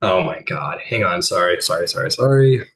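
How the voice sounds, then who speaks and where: A man's voice: deep voice, expressive, moderate pace, a bit bright. A man narrating a tabletop game as game master, rambling and correcting himself as he describes scenes.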